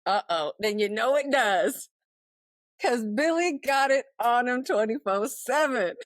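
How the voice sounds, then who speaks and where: High, lively woman reacting. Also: no echo, studio quality. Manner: quick reactive interjections. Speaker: podcast guest. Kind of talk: casual chat.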